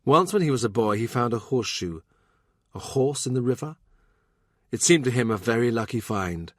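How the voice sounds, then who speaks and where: A man narrating a historical novel in a measured, unhurried reading. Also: mid-range voice, lively intonation, dry recording, studio quality. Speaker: audiobook narrator. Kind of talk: scripted narration.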